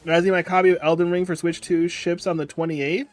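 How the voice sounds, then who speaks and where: A man's voice: sits high, little pitch movement, fairly quick. A tired young man chatting casually on a livestream, reading chat and rambling along. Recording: music playing faintly behind. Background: faint background music.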